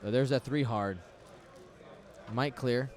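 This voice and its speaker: A man's voice: medium pitch, slow, a little mellow. A man commentating a tabletop game match live, chatty and thinking aloud, often repeating himself.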